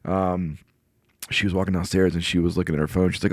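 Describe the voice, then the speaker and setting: A man's voice: low-pitched, steady tone, fast talker, dry recording, studio quality. A middle-aged man, a podcast guest, telling personal stories in casual chat with an earnest, emotional manner. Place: podcast studio.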